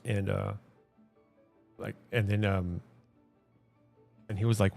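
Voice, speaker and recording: A man with a low, gravelly, mellow voice talks while he plays, rambling through his stories. He trips over his words and restarts his sentences often. Quiet game music plays underneath. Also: level tone, measured pace, pauses often. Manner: hesitant, many restarts and fillers. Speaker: gaming streamer. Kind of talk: casual rambling chat while gaming.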